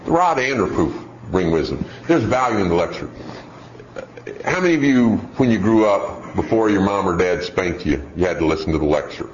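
A middle-aged man preaching a sermon, telling stories and acting out voices in an animated way. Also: deep voice, moderate pace. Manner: animated storytelling with acted-out voices. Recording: dull roomy hall sound, faint noise.

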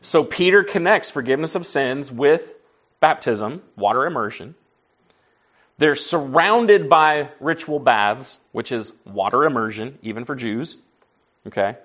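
A man's voice: medium pitch, animated, measured pace, a bit bright, muffled recording. A man preaching to a class in a conversational teaching style, folksy, asking the group questions and answering them himself. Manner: folksy, says y'all and like.

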